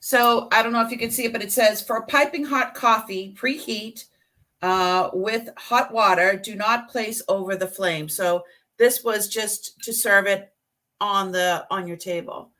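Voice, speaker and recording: A woman's voice: mid-range voice, steady tone, a little slow, sharp tone. A woman reseller chatting on a live stream and describing her items in detail. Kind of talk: casual live-stream selling.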